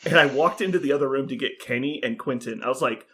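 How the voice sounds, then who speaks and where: A man's voice: medium pitch, fast talker, pushed and bright, slightly rough. A man co-hosting a podcast, telling a funny story in casual chat and laughing as he acts out both sides. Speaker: podcast co-host.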